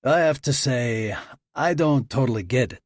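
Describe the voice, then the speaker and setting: A man's voice: medium pitch, animated, normal speed, no room sound, studio quality, pitched above the performer's own voice, natural voice. A man voicing a young male lockpicker who talks casually with a challenging edge.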